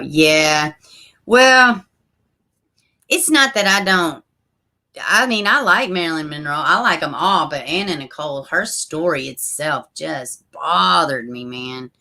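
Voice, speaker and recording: A woman hosting a casual livestream, chatting straight to her viewers and reading their comments aloud, with soft asides under her breath. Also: sits low, creaky. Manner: frequent soft asides while fiddling with links. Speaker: livestream host.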